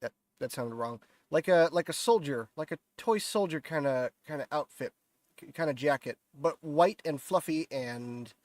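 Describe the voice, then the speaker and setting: A man's voice: on the high side, lively intonation, unhurried, no echo. A man with a nasal, stuffy voice from a cold, casually rambling through a live modeling stream with self-deprecating asides. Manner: rambling, self-deprecating, lots of fillers and restarts.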